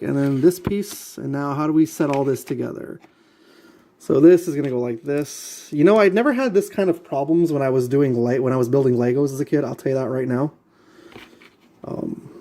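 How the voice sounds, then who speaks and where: A man's voice: mid-range voice, mellow. Exasperated man muttering through a build. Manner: exasperated, muttering, repeating himself. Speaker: vlogger building a model kit. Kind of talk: casual talk while assembling.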